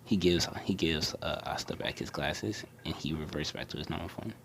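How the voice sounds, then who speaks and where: Young man, very deep voice, half-whispered casual storytelling, restarts, fillers. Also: normal speed, gravelly, slight background noise. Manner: hushed, often half-whispered, rambling with many restarts and fillers. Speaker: anime storyteller. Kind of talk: casual fan-story retelling.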